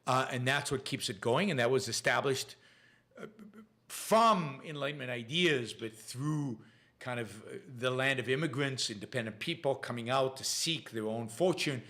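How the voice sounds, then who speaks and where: A man's voice: medium pitch, moderate pace, fairly bright tone. A man with a noticeable accent hosting a casual question-and-answer show, reading viewer questions aloud and answering them with frequent restarts and fillers. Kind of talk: casual live Q&A talk.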